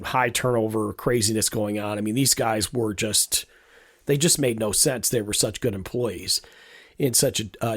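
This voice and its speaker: A man's voice: medium pitch, dry recording, clean studio sound. A man in his fifties, a podcast host telling a personal story in a casual, rambling way, with many restarts and repeated words. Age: 50s.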